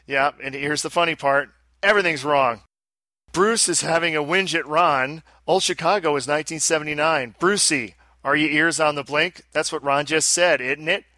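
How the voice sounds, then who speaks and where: A man with a bright, forward voice and a fairly high pitch reads listener mail on a casual podcast, breaking in with joking asides. The recording is close and dry, with almost no room sound. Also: moderate pace, dry recording. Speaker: podcast co-host.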